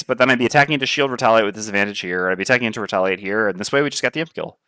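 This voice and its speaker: A man's voice: on the low side, animated, racing, pushed and bright, no room sound, studio quality. A man playing a tabletop board game on stream, thinking aloud and weighing his moves. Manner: muttering, weighing options aloud.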